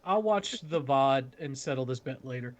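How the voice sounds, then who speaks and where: A man's voice: medium pitch, expressive, moderate pace, highs cut off, a little hiss or hum. A man running a tabletop role-playing game as game master on a livestream, with a dry, teasing manner.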